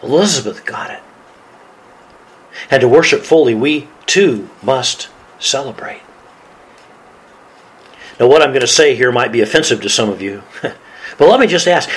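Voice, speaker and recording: A man's voice: mid-range voice, expressive, moderate pace, pauses often, poor audio. A man preaching as a pastor, reading scripture aloud and laughing often. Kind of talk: sermon.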